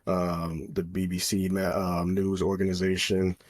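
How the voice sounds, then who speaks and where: A man's voice: sits low, completely flat delivery, normal speed, husky. A man co-hosting a podcast, chatting casually and rambling with lots of fillers and restarts. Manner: rambling, heavy on fillers like "you know" and "um". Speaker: podcast co-host. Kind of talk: casual chat.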